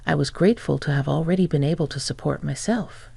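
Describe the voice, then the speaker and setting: A young adult woman reading a first-person family story in an even, measured storytelling delivery. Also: deep voice, creaky, breathy edge, dry recording. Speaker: narrator. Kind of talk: scripted first-person narration.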